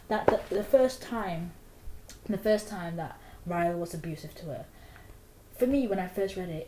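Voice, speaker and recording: Young woman, mellow lowish voice, rambly book-vlog chat, echoey room. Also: slight background noise. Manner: rambling, full of "like" fillers. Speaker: book vlogger. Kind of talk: casual book review chat.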